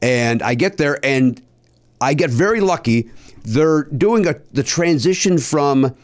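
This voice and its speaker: A man telling a long story in casual podcast chat, animated and a bit profane, with high mock voices for people he quotes. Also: unhurried, no room sound, clean studio sound. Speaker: podcast host.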